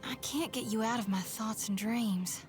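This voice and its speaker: An actress voicing an earnest, devout young woman companion in a video game, speaking softly and hopefully. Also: fairly high pitch, normal speed, faint music behind, lightly acted. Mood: tender.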